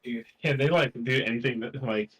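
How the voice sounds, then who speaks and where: A man's voice: mid-range voice, a little fast, a little hiss or hum, low-quality recording. Rambling, joking male player. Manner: rambling, joking, swears freely. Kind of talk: casual chat at a game table.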